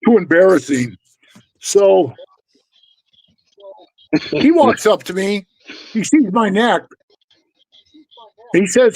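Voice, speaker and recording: A man's voice: high-pitched, expressive, slow, long pauses, no room sound, rough recording. A middle-aged man, a former biker, telling stories in casual, blunt, profane chat and calling his listener "bro". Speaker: former motorcycle club member telling stories.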